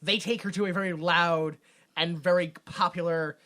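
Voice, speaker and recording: Podcast co-host, male, high voice, sarcastic comic recap delivery. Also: fairly even intonation, normal speed, pushed and bright. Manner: joking, sarcastic, laughs at own bits. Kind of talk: comedic movie recap chat.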